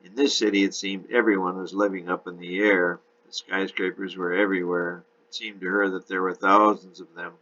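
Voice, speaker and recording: Deep-voiced man narrating a novel. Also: flat delivery, fairly quick, few pauses, pushed and bright, dull audio.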